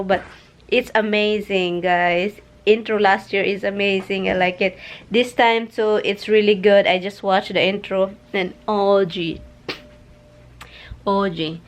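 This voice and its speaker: A woman's voice: medium pitch, a bit bright. A Filipina woman with a Filipino accent, vlogging casually at home and cooing to her dogs. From Philippines. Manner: chatty, coos and baby-talks to her dogs. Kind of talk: casual vlog chat.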